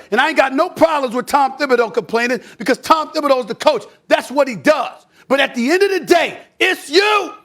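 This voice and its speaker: A man, a sports talk host ranting loudly, shouting in bursts. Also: very high voice. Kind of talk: heated sports commentary.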